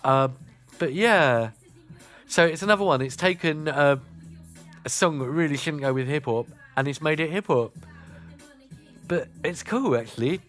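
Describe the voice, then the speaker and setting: A man's voice: a little high, expressive, moderate pace, long pauses, a bit bright. Man, southern English accent, radio host, chatty, faint music behind. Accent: Southern English, Kent and Sussex. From South East England. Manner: chatty, many "uh" fillers. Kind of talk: casual music radio chat.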